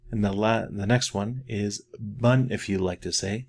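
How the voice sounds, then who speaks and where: A middle-aged man teaching a French lesson, patiently repeating each phrase slowly and more loudly so learners can practice. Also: fairly low pitch. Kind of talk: slow spoken language lesson.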